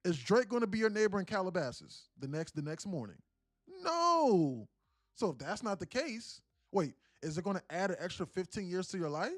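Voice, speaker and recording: A man's voice: high-pitched, animated, a little fast, few pauses, dry recording, studio quality. A young man from South Carolina chatting casually on a live stream as a day trader, sarcastic and rambling, often restarting his sentences. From South Carolina, USA.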